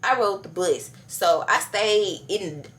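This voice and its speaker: A woman's voice: medium pitch, takes it slowly, fairly bright tone. A young woman vlogger telling a casual storytime, chatty and slangy, talking straight to her viewers with many fillers.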